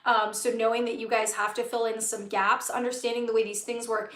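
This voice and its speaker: A woman's voice: fairly high pitch, level tone, fairly quick, a bit bright, reverberant. A woman hosting a live-stream talk as a spiritual business coach, speaking earnestly with many fillers and repeated phrases.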